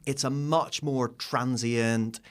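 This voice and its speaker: A man's voice: mid-range voice, steady tone, takes it slowly. A middle-aged man from Northern Ireland, a diplomat as podcast guest, telling stories in a reflective, emotional way. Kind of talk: conversational interview.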